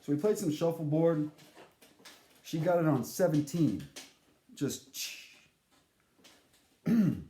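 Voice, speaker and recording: A man telling a comic story to camera in a rambling, halting, deadpan way. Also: fairly high pitch, roomy sound, slight background noise.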